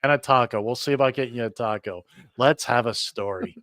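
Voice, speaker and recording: A man's voice: medium pitch, brisk, very noisy. A man hosting a radio show, reading birthdays in a joking, rambling way with many fillers. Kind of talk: casual radio chat.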